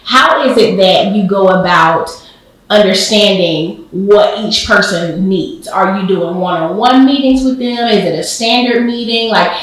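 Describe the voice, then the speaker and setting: A woman on a panel asking a long question, halting and restarting as she goes. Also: mid-range voice, a bit bright. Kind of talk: casual panel talk. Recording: echoey room, mic far off.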